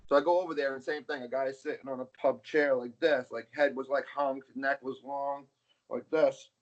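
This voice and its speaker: A middle-aged man, an arm wrestler appearing as an interview guest, tells stories casually and bluntly, swearing freely. His mid-range voice holds a steady tone at a normal speed. The recording sounds dull and lo-fi.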